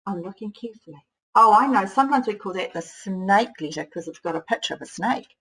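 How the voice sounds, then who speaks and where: A woman teacher, slowly sounding out words and thinking aloud as she models writing for young children. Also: medium pitch, animated, a bit bright, breathy edge, poor audio. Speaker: primary school teacher.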